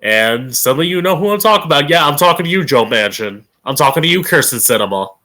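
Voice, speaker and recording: A man hosts his own live-streamed opinion show, tearing into his targets with blunt, profane sarcasm. His voice sits on the higher side for a man and leaps up and down in pitch. He stretches out words for scornful emphasis. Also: lively intonation, pushed and bright. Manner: emphatic, drawn-out stress on key words. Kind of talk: ranting political commentary.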